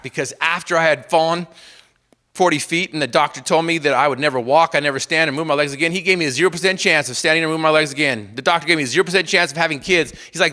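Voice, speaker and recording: A man giving a motivational speech to an audience, telling a personal story with repeated refrains and swinging from loud emphatic bursts to hushed lines. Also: a little high. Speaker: motivational speaker.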